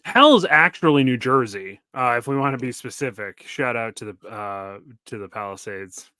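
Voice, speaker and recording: A man co-hosting a podcast in a casual chat, tossing out deadpan jokes. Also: mid-range voice, moderate pace, no echo. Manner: joking, deadpan asides. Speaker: podcast co-host.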